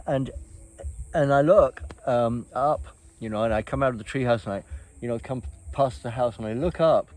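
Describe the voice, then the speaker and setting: An older man telling stories from his past in a relaxed, meandering way, with lots of ums, uhs and restarts. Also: medium pitch. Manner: meandering, halting, many fillers and restarts. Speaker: storyteller recounting his past. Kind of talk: casual reminiscing chat.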